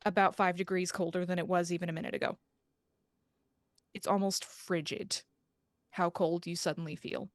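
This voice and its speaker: A woman's voice: on the low side, level tone, dry recording. Woman narrating a tabletop horror game. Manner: measured, atmospheric storytelling. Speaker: game master.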